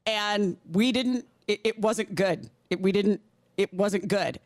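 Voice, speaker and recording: A woman's voice: mid-range voice, slow pace, no echo. A woman co-hosting a radio talk show over a video call, her mouth numb from dental work, laughing often and slurring words a little. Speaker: radio co-host. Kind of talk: casual talk radio chat. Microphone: remote over video call.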